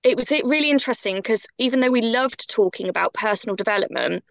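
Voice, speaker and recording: A woman's voice: a little high, animated, fast talker, vocal fry, fairly bright tone, dry recording. A woman guest on a podcast, talking in an impassioned, emphatic way. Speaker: guest coach. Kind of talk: podcast conversation.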